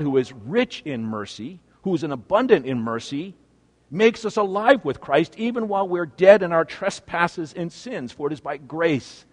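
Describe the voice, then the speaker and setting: A man preaching a sermon as pastor, swinging between loud, emphatic phrases and hushed, low ones. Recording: long reverb of a large hall.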